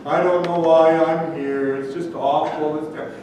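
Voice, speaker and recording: A man's voice: on the high side, flat delivery, measured pace, dark tone, recorded from a distance, slight background noise, natural voice. A pastor voicing a gloomy, complaining man who acts like Eeyore during a sermon anecdote, in a mopey, moaning manner. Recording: echoey church hall from afar.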